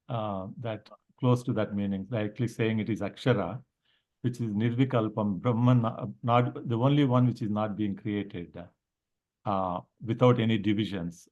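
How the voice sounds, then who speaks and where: Man asking a halting question, low-pitched, muffled lo-fi audio. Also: a little mellow. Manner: hesitant, many fillers. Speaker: student.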